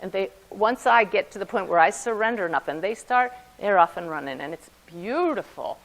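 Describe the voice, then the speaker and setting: A woman speaks briskly in a creaky, mid-range voice on a rough recording. A spiritual medium giving a talk, she lively recounts a personal story to her audience, acting out the voices in it.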